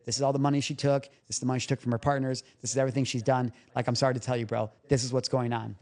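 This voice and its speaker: A man's voice: mid-range voice, little pitch movement, rapid-fire, darkish tone. A man guesting on a podcast as a recovery coach, telling a personal story candidly and emotionally, swearing casually.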